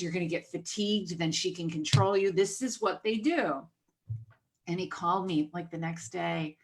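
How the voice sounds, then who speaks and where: A woman hosts a relaxed podcast conversation. Her voice sits in a middle pitch, and she animates her stories by playing out the dialogue she quotes. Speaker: podcast host.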